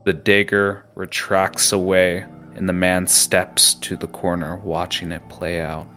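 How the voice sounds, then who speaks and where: Deep male game master, narrating scenes, some stumbles. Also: flat delivery, measured pace, bright, forceful tone, faint music behind. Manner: descriptive, with restarts.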